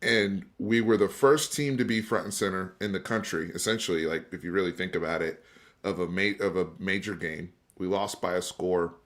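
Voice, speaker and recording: A man's voice: low-pitched, moderate pace, a bit bright. A man hosting a casual sports debate on a live stream, emphatic and conversational, talking straight to his viewers and restarting words as he gets going. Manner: repeats and restarts words when fired up. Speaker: sports talk show host.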